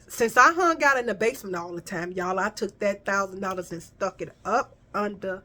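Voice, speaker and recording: A woman telling a casual personal story, animated and profane, often calling her listeners y'all. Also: medium pitch, normal speed. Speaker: vlogger.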